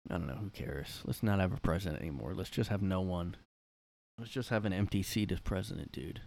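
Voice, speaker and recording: A man's voice: sits low, fairly quick, gravelly, a little mellow. A man ranting casually and sarcastically from his room, rambling with fillers. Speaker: vlogger. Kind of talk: casual rant.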